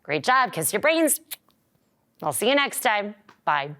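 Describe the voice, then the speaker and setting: A woman teacher leading a children's lesson, singing and cheering in a bright, encouraging, sing-song voice. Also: medium pitch, big pitch swings, unhurried, very noisy.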